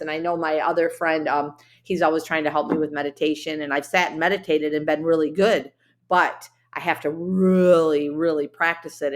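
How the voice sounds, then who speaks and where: A woman with a slightly low voice talks to her podcast listeners on her own. She speaks in an earnest, heartfelt way, loose and chatty, with plenty of fillers and restarts. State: briefly emotional. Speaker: podcast host. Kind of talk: solo motivational podcast talk.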